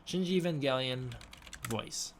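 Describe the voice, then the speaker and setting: A man's voice: medium pitch, unhurried, a little hiss or hum. A young man casually answering chat questions on a live stream from his room, mumbling and unsure of himself. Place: home room with a snake tank.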